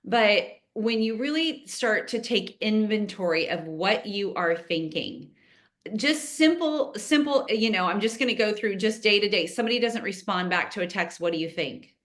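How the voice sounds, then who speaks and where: A middle-aged woman in casual podcast chat, speaking earnestly and straight to her listeners. Her voice sits at an ordinary middle pitch. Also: animated, normal speed, a bit bright. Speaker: podcast co-host.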